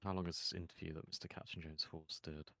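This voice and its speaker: A man casting an esports match on a headset, joking around and reacting quickly to the play. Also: very deep voice, little pitch movement, creaky, pushed and bright. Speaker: esports caster. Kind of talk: casual co-caster chat.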